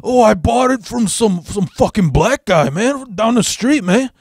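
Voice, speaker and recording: A man's voice: high-pitched, lively intonation, a little slow, darkish tone, no room sound, clean studio sound, pitched above the performer's own voice, heavily acted. A man voicing a drunk older Mexican male bike thief with a Mexican accent, talking in a whiny, defensive way and swearing a lot.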